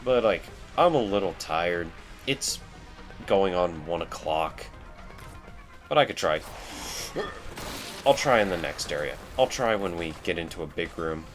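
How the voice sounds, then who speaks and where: A man's voice: deep voice, lively intonation, measured pace, pauses often, faint music behind. A man rambling in casual, self-deprecating commentary while he plays a video game. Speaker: let's play host.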